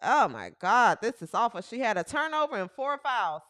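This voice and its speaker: A woman hosting a comic sports talk livestream, mocking and animated, with exaggerated hollering. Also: on the high side, moderate pace, no room sound, clean studio sound. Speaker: show host.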